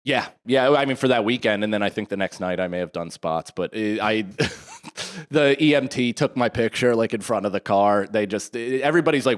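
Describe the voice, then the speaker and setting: A man's voice: on the low side, lively intonation, normal speed. A man in his thirties co-hosting a podcast, telling a story with lots of swearing and acting out the people he quotes. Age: 30s. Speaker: podcast co-host. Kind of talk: casual chat.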